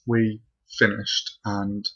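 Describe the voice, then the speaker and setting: A man's voice: fairly low pitch, level tone, drawn-out words, sharp tone, breathy edge. A young man rambling through a spooky personal story at home, with lots of fillers. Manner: breathless, rambling, full of fillers. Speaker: vlogger. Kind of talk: casual storytelling to camera. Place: bedroom at home. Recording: dull lo-fi home recording.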